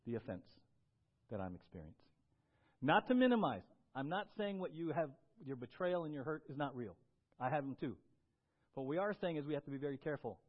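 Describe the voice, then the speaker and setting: A man preaching a sermon as pastor, swinging between loud emphatic bursts and quiet, low stretches. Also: sing-song, a little fast, lo-fi sound.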